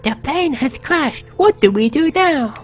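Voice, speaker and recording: A man voicing a small child with a sing-song, drawn-out manner, during a let's play. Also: very high-pitched, expressive, soft background music, pitched above the performer's own voice. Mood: mock-pitying. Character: small chirpy child fretting over a broken doll.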